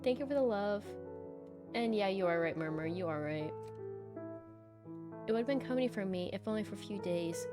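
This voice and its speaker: A woman streamer reads a visual novel aloud. Her middle-pitched voice moves from steady narration into blunt, animated asides, with soft game music running faintly underneath. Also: moderate pace, long pauses. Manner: animated, blunt outbursts between calm reading. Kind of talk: reading a visual novel aloud with live reactions.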